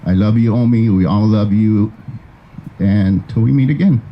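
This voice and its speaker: A man's voice: on the low side, normal speed, highs cut off. A man praising a family member at a graveside, repeating himself and saying "you know" often. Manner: repetitive, with many "you know"s. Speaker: family member giving a eulogy. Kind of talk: graveside eulogy. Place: outdoors at a graveside.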